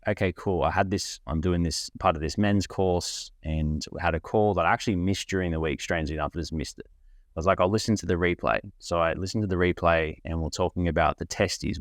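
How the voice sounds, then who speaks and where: A man with a deep, low voice tells a candid personal story as the host of his own show. His talk rambles and turns emotional, packed with "like" and the occasional swear. The sound is dry and close, with no room around it. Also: dry recording. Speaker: podcast host.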